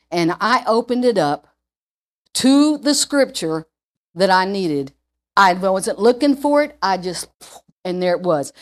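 A woman giving an informal sermon full of personal testimony, chatty and repeating herself with frequent restarts. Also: mid-range voice. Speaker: lay preacher.

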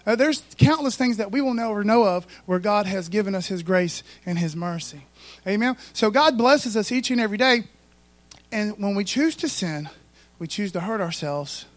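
High-voiced folksy preacher man. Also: animated, normal speed, no echo. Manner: folksy, conversational preaching with frequent asides. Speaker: pastor. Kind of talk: sermon.

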